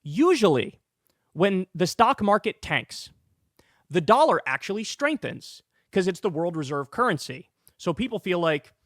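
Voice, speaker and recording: Guy ranting about politics, high voice, dry close mic, swears a lot. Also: sing-song, measured pace, no room sound. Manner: emphatic, profane, urgent. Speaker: political commentary host.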